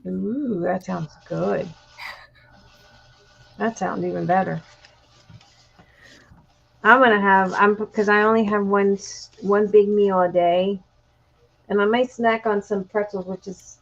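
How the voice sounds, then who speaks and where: Woman from Texas, live craft-stream co-host: easygoing chatter, gravelly edge, muffled low-fi audio. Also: steady tone, slow pace, long pauses. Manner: chatty, friendly, lots of fillers. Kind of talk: casual chat while crafting.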